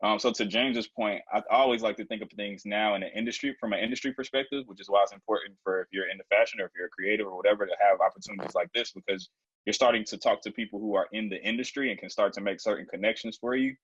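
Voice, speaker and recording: Co-host, man, low and relaxed, thoughtful and loose, dry, dull lo-fi recording. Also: fast talker, husky, no room sound. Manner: laid-back, thoughtful, many "like"s. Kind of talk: casual chat on a video call.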